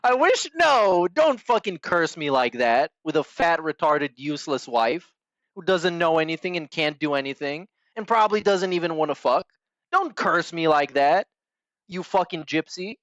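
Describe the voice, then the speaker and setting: Mocking man with a lively voice. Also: fairly high pitch, moderate pace, no room sound, highs cut off. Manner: mocking, sarcastic, crude. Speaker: podcast host reacting to stream clips. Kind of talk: reaction commentary.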